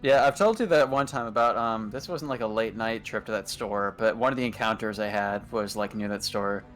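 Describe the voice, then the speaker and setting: A man in his twenties chatting casually on a gaming livestream, telling stories in an animated way that acts out loud quotes. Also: on the low side, a little fast. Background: faint game music.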